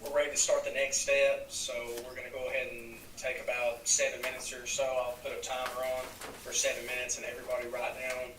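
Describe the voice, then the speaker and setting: A man with a Southern American accent from East Tennessee, leading a group discussion as facilitator in a measured, hesitant way. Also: mid-range voice, monotone, fairly bright tone. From East Tennessee, USA. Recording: echoey room from far off, faint noise.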